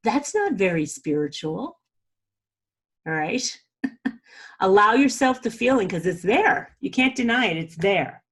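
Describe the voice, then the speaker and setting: A woman's voice: medium pitch, animated, a little slow, fairly bright tone, slightly rough. A middle-aged woman hosting a podcast, talking through a self-help method in a chatty, earnest way and checking in with "okay?". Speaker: podcast host. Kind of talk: casual self-help monologue.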